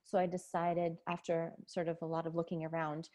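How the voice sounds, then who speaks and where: A woman's voice: deep voice, completely flat delivery, fairly quick, a little mellow. A woman in her forties, a nurse and podcast guest, telling her story candidly and with feeling in a casual interview. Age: 40s. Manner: candid, emotional, laughs often.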